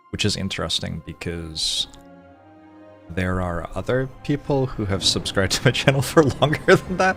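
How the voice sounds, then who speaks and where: A streamer with a lowish voice chats casually with his livestream viewers, greeting them one by one and breaking into sudden loud, mock-outraged outbursts.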